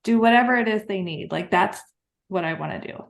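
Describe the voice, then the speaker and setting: A woman's voice: medium pitch, brisk, gravelly. A woman hosting a podcast in casual chat, sincere, often filling with "you know". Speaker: podcast host.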